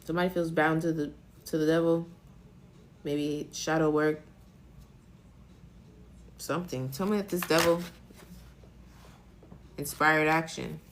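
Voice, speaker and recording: A woman's voice: sits low, steady tone, unhurried, pauses often, a little hiss or hum. A woman giving a live-stream tarot reading, talking emotionally and rambling, with casual swearing. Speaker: tarot reader.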